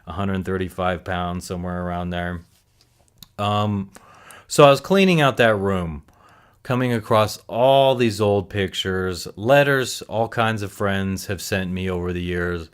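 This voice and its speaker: A man's voice: low-pitched, clear, resonant tone. A man in his forties musing aloud in a casual recovery vlog, rambling and correcting himself as he reflects. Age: 40s. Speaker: recovery vlogger.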